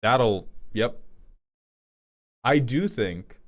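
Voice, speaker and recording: A man's voice: mid-range voice, animated, drawn-out words. A man hosting a live stream, chatting casually with joking, profane, rambling tangents. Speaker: streamer host.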